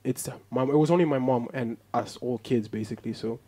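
A young man from South Africa, a podcast guest telling a story in a relaxed chat, lively, laughing often and acting out what people said. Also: medium pitch, fairly quick, slightly rough.

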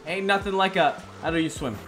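A young man giving casual let's-play commentary on a video game, excitable and joking, often exclaiming as he plays. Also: high voice, fairly quick, music in the background. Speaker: gaming YouTuber.

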